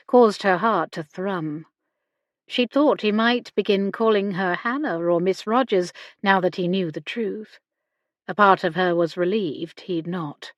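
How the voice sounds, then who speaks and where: A woman narrating a romance novel in a slow, measured reading voice. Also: medium pitch, no echo, clean studio sound. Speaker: audiobook narrator. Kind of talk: scripted narration.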